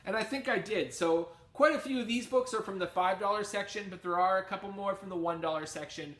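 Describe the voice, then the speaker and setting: Canadian guy vlogging his comics at home, upbeat and rambly, voice sits a little high. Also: a little fast, a bit bright. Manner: chatty and upbeat, rambling asides. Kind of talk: casual chat.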